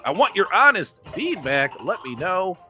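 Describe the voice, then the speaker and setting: A man co-hosting a casual live stream about gaming, teasing and talking to the chat, swinging from loud calls to muttered asides. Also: high voice, sing-song, moderate pace, faint music behind. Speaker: co-host of a retro gaming live show.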